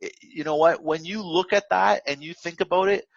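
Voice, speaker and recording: A man's voice: fairly high pitch, moderate pace, gravelly, dry recording, muffled recording. A man coaching forex traders in a casual motivational talk, rambling and full of fillers and repeats. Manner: rambling, filler-heavy, repetitive, instructive.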